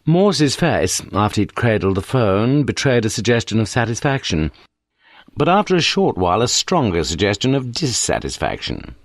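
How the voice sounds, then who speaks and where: Male audiobook narrator, measured, expressive, dry close mic. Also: fairly low pitch, no echo. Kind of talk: scripted narration.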